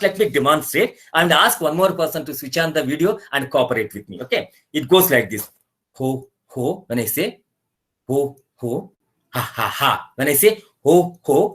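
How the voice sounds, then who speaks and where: A man's voice: a little high, fairly bright tone. An older man with an Indian English accent, teaching laughter yoga over a video call in an earnest, repetitive way with demonstrated laughs. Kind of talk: online webinar instruction.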